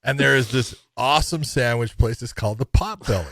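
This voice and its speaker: A man's voice: medium pitch, fairly quick, gravelly, dry recording. A man co-hosting a fight podcast, telling stories with lots of laughter in casual chat. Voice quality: animated storyteller, laughs often. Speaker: podcast co-host.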